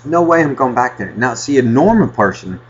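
A male podcast host telling a profane, ranting story in casual chat with a husky voice. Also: medium pitch, sing-song, moderate pace, lo-fi sound.

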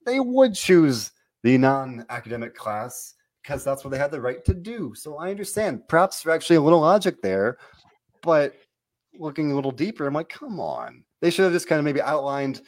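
A man hosting a casual wrestling podcast, talking in an animated, rambling way and often cutting himself off. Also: mid-range voice, a little fast. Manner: rambling, animated, self-interrupting. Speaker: podcast host. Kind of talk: casual wrestling recap chat.

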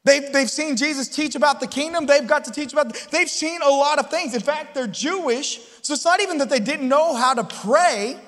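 High-voiced preacher in a big hall. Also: male voice, moderate pace, few pauses, fairly bright tone. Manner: conversational, storytelling, asks the crowd often. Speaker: pastor. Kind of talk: sermon. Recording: long hall reverb.

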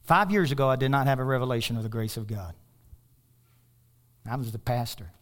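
A man preaching a sermon as pastor, passionate, climbing into loud, high bursts and then dropping to soft, low asides. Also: a little fast. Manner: animated storytelling with laughter.

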